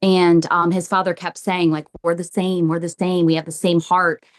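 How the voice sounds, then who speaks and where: A woman, a psychic medium, telling stories in a podcast interview, animated and repeating phrases as she acts out what people said. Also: on the low side, moderate pace.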